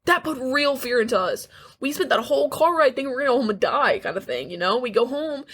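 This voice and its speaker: An eighteen-year-old woman talks through a candid podcast chat with a slightly high, husky voice. She speaks earnestly but haltingly, restarting her sentences and slipping in nervous little laughs. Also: expressive, fairly bright tone. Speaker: podcast co-host.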